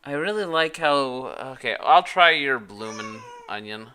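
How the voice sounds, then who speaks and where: A man's voice: mid-range voice, expressive, unhurried, sharp tone, smooth. A man from Utah streaming live, chatting casually and thinking aloud with hesitant restarts as he works. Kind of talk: casual live-stream chat while working.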